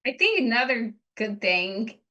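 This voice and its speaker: A woman hosting a podcast interview, chatting casually with lots of "like" and acting out lively quotes. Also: fairly high pitch, unhurried, muffled recording. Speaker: podcast host.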